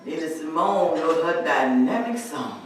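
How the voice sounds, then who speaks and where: A man performing a dramatic first-person monologue in a church, telling his story slowly and deliberately. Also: a little high, animated, a little hiss or hum. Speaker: solo performer. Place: large church sanctuary. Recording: echoey church hall from far off.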